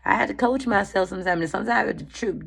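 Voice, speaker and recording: A woman talks straight to her viewers in an animated, slangy way, swearing freely and calling them friend. Her pitch sits in an ordinary middle range. She gives a casual motivational chat as a tarot reader. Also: racing, gravelly, breathy edge.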